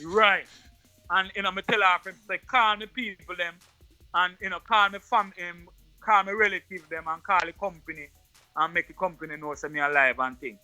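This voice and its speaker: A man with a Jamaican accent, an interview guest who tells a personal story in patois in an animated way, often repeating his words. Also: high-pitched, brisk, no room sound, soft background music.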